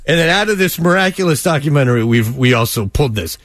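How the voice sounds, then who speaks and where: A man's voice: fairly high pitch, lively intonation, fast talker, fairly bright tone, dry recording. A man hosting a radio show in a studio, talking in casual, sarcastic banter and often laughing and mocking. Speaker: radio host. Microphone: studio mic.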